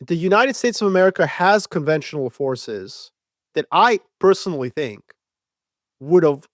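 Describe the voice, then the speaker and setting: Animated man debating in a dry studio. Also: fairly high pitch, moderate pace, dry recording. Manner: animated, profane, acts out quoted voices. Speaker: podcast co-host. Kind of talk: casual debate.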